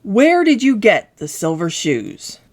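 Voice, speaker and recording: A woman voicing a great, stern, disembodied wizard head that speaks loudly and commandingly in a storybook reading. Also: medium pitch, huge pitch swings, takes it slowly, heavily acted. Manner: loud, commanding, emphatic.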